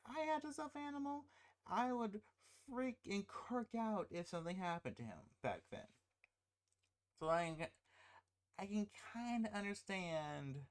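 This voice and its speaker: Rambling, excitable movie ranter. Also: mid-range voice. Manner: rambling, self-interrupting with laughing asides; gets loud and excited when frustrated. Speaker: movie commentator. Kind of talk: casual spoiler rant.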